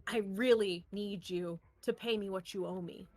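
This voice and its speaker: A woman's voice: mid-range voice, moderate pace, a little mellow, dry recording, natural voice. A woman voicing a young female stage performer who insistently pleads to be paid.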